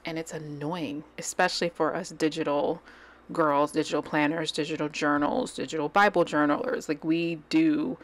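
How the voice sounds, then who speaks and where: A woman hosting her planner channel at home, chatting and rambling while she decorates a digital planner into a desk microphone. She gushes over what she likes and drops into soft, near-whispered asides. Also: sits low.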